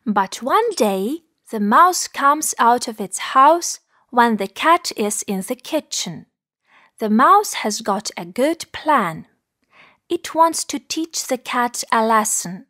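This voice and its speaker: A woman narrating a children's story in a slow, clear, careful way for English learners. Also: a little high, expressive, fairly bright tone, dry recording, studio quality.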